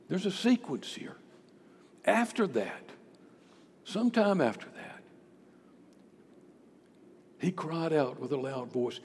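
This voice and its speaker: A male preacher with a high, very lively voice gives a slow, deliberate sermon. His delivery is impassioned, swinging between hushed passages and loud, ringing lines, all carried by the long echo of a large hall. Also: slight background noise. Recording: echoey hall with long reverb.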